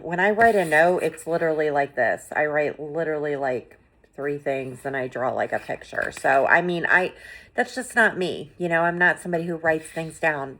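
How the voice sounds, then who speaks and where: A middle-aged woman hosting a podcast, talking in an earnest, conversational way with lots of fillers as she gently encourages listeners. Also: deep voice. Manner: earnest, conversational, many fillers like "you know" and "like". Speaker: podcast host.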